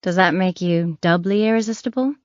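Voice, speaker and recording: A woman's voice: lowish voice, brisk, no room sound, highs cut off, lightly acted. A woman doing a wisecracking female investigator. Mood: wry. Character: sharp-tongued female private investigator.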